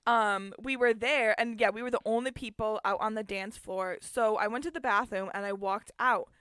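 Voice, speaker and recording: Bright-voiced young woman co-host. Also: on the high side, fairly even intonation, moderate pace, smooth, no echo, studio quality. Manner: laid-back storyteller, many fillers. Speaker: podcast co-host. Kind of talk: casual chat.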